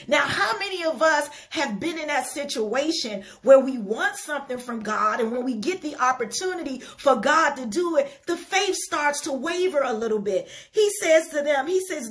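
A woman's voice: sits high, animated, moderate pace, hardly any pauses, a bit bright. A woman leading a ministry, delivering a fervent sermon with conversational asides to her listeners. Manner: impassioned, fervent preaching. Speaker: ministry leader.

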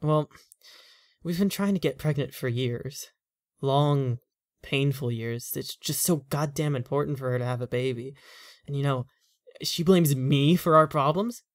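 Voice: mid-range voice, measured pace, no echo, studio quality, lightly acted. A storyteller voicing a stressed married man in his thirties who rambles and vents in a weary way, in a horror story reading. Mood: strained.

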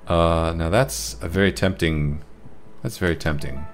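A man's voice: sits low, unhurried. A man casually commentating a strategy game he is playing, muttering to himself in a wry, self-mocking way, with faint game music and keyboard typing behind him. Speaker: gameplay commentator. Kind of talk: casual let's-play commentary.

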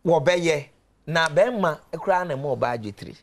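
Gravelly man telling animated stories. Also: on the high side, moderate pace. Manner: animated storyteller, laughs often. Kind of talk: talk show discussion.

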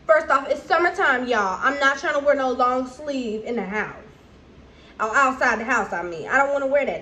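A young pregnant woman talks straight to her camera at home in a higher voice. She is candid and chatty, with lively animated asides, and a faint hiss of noise sits under her voice. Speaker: vlogger. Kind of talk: casual chat to camera.

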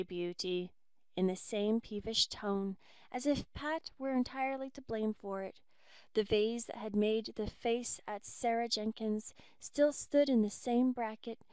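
Smooth-voiced woman audiobook narrator. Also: fairly high pitch, no echo. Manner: measured, expressive reading. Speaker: audiobook reader. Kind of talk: scripted narration.

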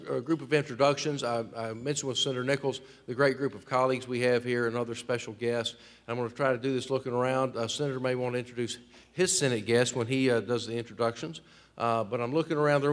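A man hosting a luncheon, casually introducing guests with lots of fillers and restarts. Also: medium pitch. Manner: casual, rambling with frequent fillers. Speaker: event host. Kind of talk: emcee introductions. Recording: long hall reverb.

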